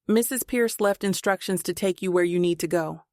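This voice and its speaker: A woman's voice: on the low side, moderate pace, a little mellow, no room sound, clean studio sound, close to an everyday voice. A woman voicing a polite, cheerful male limo driver in an audiobook. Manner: courteous, cheerful.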